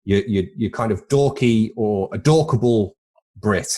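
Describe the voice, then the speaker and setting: With a low, warm voice and a measured pace, a British man co-hosts a relaxed film podcast. He jokes, rambles, and trips over repeated words while gathering his thoughts.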